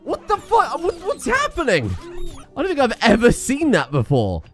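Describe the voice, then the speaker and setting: A man's voice: extremely high pitch, normal speed, music in the background. A man casually commentating his own gameplay, breaking into exclaims and laughter. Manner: excitable, laughs and exclaims in bursts. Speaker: gaming video host.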